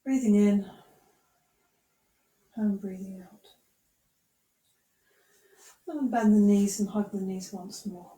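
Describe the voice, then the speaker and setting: A woman guiding a yoga class with gentle, encouraging, unhurried instructions. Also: mid-range voice, steady tone. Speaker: yoga teacher. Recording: echoey room, voice from far off.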